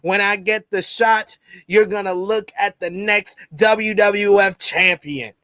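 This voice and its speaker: A man doing a gruff Southern male wrestler who cuts a boastful, threatening promo in a put-on drawl. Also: high voice, steady tone, a bit bright, dry recording, clean studio sound. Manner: growling threats, drawn-out boasts.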